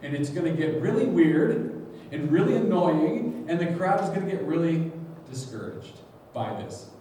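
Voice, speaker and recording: A man's voice: a little high, lively intonation, normal speed, mellow, slight background noise. Man preaching from far in an echoey hall. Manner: conversational, thinking aloud with restarts. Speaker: pastor. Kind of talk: sermon. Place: church sanctuary.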